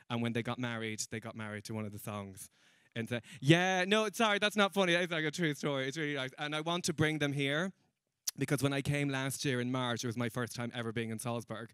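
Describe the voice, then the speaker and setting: A man doing stand-up comedy before a live audience, chatting with the crowd in a self-mocking, quick way. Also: medium pitch, a bit bright, smooth, no echo, studio quality. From Ireland.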